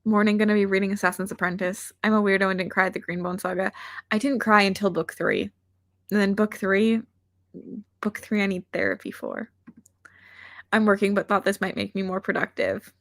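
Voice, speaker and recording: A booktuber hosting reading sprints chats on a casual book livestream, reading viewer comments aloud and rambling in a self-deprecating way, with frequent "like" fillers. Her mid-range, slightly bright voice has fairly even intonation at a moderate pace, recorded dry in studio quality.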